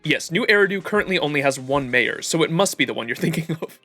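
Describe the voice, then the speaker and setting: A man's voice: a little high, expressive, fast, pushed and bright, soft background music, full character voice. A man reading the lines of a polite, formal wolf-man butler from a game, in a courteous way.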